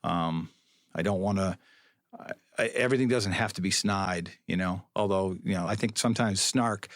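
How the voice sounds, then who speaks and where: A middle-aged police public information officer, guesting on a podcast, tells a long story in a wry, rambling manner, constantly correcting himself in this storytelling interview. His voice is low and his pace moderate, recorded at studio quality with no echo.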